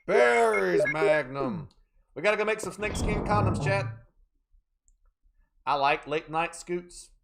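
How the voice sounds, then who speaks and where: In a relaxed horror-game livestream, a fairly high-voiced man jokes with his chat, reading viewer names aloud and thanking them. Background noise can be heard.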